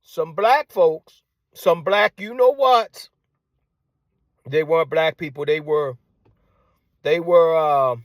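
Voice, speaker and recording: Ranting man, rather high, dry sound. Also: slow, long pauses, no room sound. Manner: combative, repeats phrases and rhetorical questions; drops to hushed tone at times. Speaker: commentator. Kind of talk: ranting monologue.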